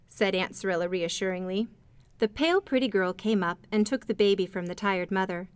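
A woman narrating a storybook in a gentle, measured way. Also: mid-range voice, clear, resonant tone, dry recording. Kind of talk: storybook reading.

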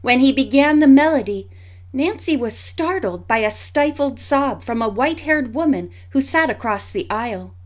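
A woman narrating a mystery audiobook in a clear, measured storytelling voice. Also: sits high, lively intonation.

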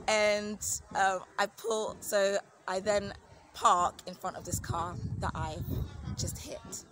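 A woman's voice: mid-range voice, unhurried, background noise. A woman in her thirties, a family vlogger at home, telling a casual story and acting out the voices of people she quotes. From United Kingdom. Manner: animated, acts out quoted voices.

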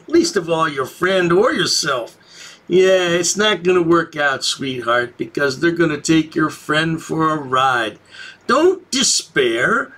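A man's voice: fairly high pitch, a bit bright. A man hosting a commentary channel, mocking the people in the clip in a sarcastic, sing-song way. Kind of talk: sarcastic commentary over video.

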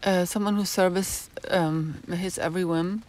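A woman's voice: fairly low pitch, fairly even intonation, moderate pace, darkish tone. A woman hosting a live stream, musing in a rambling way and stopping often to search for words. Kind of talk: casual live-stream monologue answering chat.

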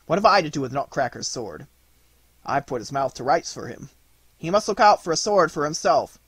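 A quirky old clockmaker godfather, playful and prone to sudden high exclamations, as a man reading a storybook puts him on. His voice is slightly husky and bounces widely in pitch, recorded dry and close. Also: big pitch swings, moderate pace, no room sound. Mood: teasing. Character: eccentric old male godfather and clockmaker, teasing.

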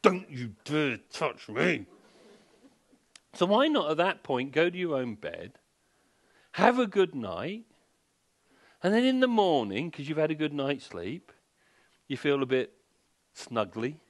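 A man's voice: a little high, wildly swooping pitch, unhurried, long pauses. Wry man lecturing a crowd. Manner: wry, joking, rhetorical questions. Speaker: sleep expert giving a seminar. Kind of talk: public lecture to a live audience. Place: furniture showroom, indoors.

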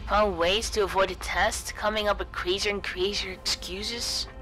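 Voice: medium pitch, steady tone, moderate pace, pushed and bright, soft background music, pitched above the performer's own voice, lightly acted, low-quality recording. A streamer voicing an old woman recording her reflections on a voyage, read in an earnest, reflective way.

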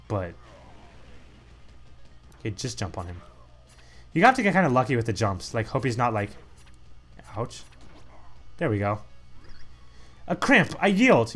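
A man's voice: mid-range voice, fairly bright tone. A young man giving casual, sarcastic commentary as he plays a video game. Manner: sarcastic, mocking, reads game text in put-on voices. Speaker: let's play host.

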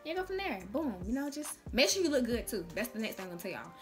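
A young woman vlogs casual advice in a chatty, slangy way, slipping into little acted dialogues. Her voice sits a bit high. Faint music plays underneath. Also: big pitch swings, fast. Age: young adult. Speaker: vlogger.

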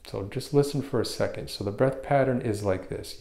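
Calm low-voiced man guiding meditation. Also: fairly quick, vocal fry, few pauses, echoey room. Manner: calm, step-by-step explaining with restarts. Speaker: meditation instructor. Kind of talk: guided meditation instruction.

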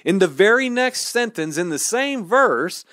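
A man hosting a podcast, giving casual sermon-style Bible teaching in a conversational, animated way with chuckles and asides. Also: high-pitched, measured pace, dry recording, studio quality.

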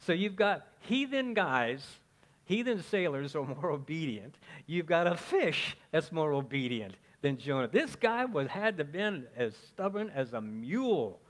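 A man's voice: fairly high pitch, sing-song, unhurried. A male pastor preaching a conversational sermon, often checking in with "okay?" and asking the congregation questions. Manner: chatty, asks the congregation questions, frequent "okay?".

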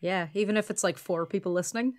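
A woman's voice: medium pitch, fast. A woman with an Irish accent co-hosting a podcast in casual chat, chatty and playful, often laughing. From Ireland. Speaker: podcast co-host.

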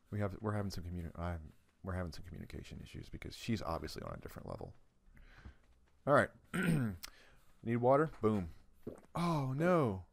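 A man giving let's-play commentary on his own gameplay, joking and talking to himself, his volume swinging between loud outbursts and quiet mutters. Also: mid-range voice, gravelly. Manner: playful, jokey, talks to himself while playing, volume swinging from loud to muttered. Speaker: gaming channel host.

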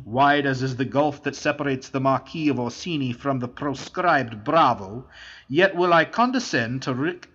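A man's voice: mid-range voice, a bit bright, slightly rough, highs cut off. A man reading the part of a proud young nobleman, speaking in a cold, resolute way. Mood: enraged. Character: proud young nobleman, haughty and quick to rage.

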